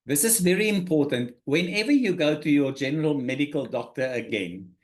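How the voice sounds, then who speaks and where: A man's voice: on the high side, lively intonation, fairly quick. A man presenting a spoken workshop lecture to participants, earnest and emphatic, often restarting and repeating words as he works through his points.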